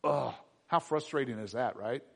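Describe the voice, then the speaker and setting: A middle-aged man preaching a sermon, moving from quiet asides to loud, emphatic exhortation. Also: mid-range voice, moderate pace, vocal fry, breathy edge, big-room sound. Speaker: pastor.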